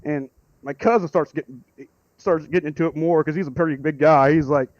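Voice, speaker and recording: A man calling in to tell a rambling story, excitable and swearing freely. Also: on the high side, a little fast, dry recording, muffled recording. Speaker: caller. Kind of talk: casual storytelling.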